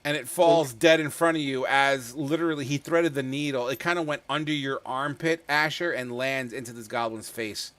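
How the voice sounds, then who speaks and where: A man runs a tabletop game with a bright, forward voice, narrating rolls and attacks loosely. He jokes, swears casually and stumbles over his words now and then. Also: medium pitch, normal speed, hardly any pauses, no echo. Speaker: game master.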